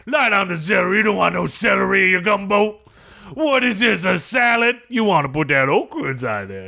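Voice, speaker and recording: A man playing a brash, loud Cajun football coach with a put-on Southern accent who blusters and drawls. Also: a little high, gravelly, full character voice. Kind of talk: comedic sketch interview.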